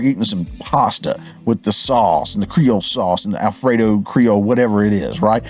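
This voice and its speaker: A man from Georgia, hosting a show and ranting in an animated way straight to his viewers. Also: fairly low pitch, normal speed, hardly any pauses, faint music behind. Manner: animated, fired-up, talks to viewers directly. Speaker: show host. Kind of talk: ranting commentary.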